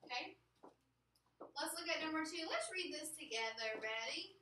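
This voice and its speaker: A woman's voice: high-pitched, animated, normal speed, bright, forceful tone. A woman teaching a phonics lesson to a classroom, repeating rules and giving firm directions. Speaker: elementary school teacher. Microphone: camera at a distance. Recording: echoey classroom, far-off mic, faint hiss.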